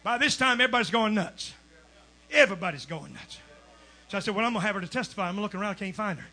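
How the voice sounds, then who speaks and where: A man preaching a Pentecostal sermon as a guest preacher, telling a testimony, swinging from hushed storytelling to shouting. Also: sits high, racing, faint music behind. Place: church sanctuary.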